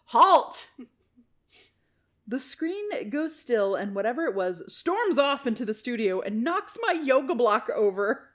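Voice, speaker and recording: A woman's voice: fairly high pitch, big pitch swings, normal speed, hardly any pauses. A woman co-hosting a podcast, reading a listener's story aloud and chatting casually, swearing and laughing often. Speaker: podcast co-host.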